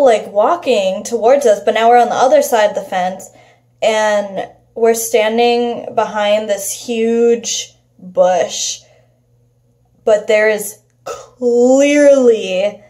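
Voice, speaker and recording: A woman tells a personal story to camera at an unhurried pace. Her voice is soft and mellow, never sharp. She is chatty and profane, with a steady stream of filler "like"s. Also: mid-range voice. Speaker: vlogger. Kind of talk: casual storytelling.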